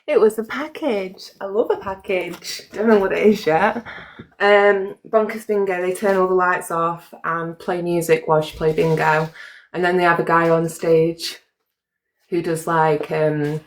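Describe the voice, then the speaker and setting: A woman's voice: fairly low pitch, a little slow. A woman in her thirties hosting a live stream, chatty and casual with some swearing. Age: 30s. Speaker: livestream host.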